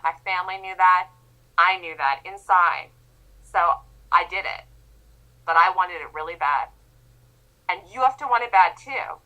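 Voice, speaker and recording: A woman trading instructor gives a motivational talk with emphatic insistence. Her voice is bright and sits a little high. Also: low-quality recording. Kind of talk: motivational lecture.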